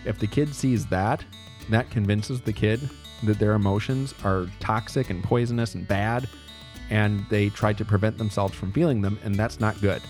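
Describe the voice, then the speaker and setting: A man's voice: fairly low pitch, steady tone, moderate pace, music in the background. Casual, self-correcting male lecturer. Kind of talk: podcast lecture.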